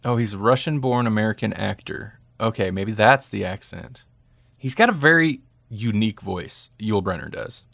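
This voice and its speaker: A man's voice: on the low side, moderate pace, gravelly, fairly bright tone, no echo, clean studio sound. Chatty man rambling about movies. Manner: chatty, rambling, laughs easily. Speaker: podcast host. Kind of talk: casual movie-discussion chat.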